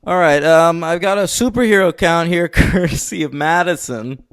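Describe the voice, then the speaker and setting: A man co-hosting a film podcast in casual chat, excitable and swearing, teasing his co-host. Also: fairly high pitch, normal speed, clean tone, no echo, clean studio sound.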